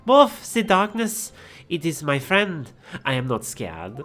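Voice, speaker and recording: A woman acts out a brash male thief in a video game who bosses his partner around with blustering bravado. The voice is loud and bright, with lively swings in pitch. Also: slow, faint music behind, full character voice.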